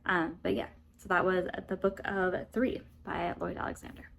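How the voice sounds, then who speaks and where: A woman's voice: fairly low pitch, level tone, moderate pace, vocal fry, fairly bright tone, slight background noise. Rambling American woman reviewing books. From United States. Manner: rambling and chatty, often apologetic. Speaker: book reviewer. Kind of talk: casual book review vlog.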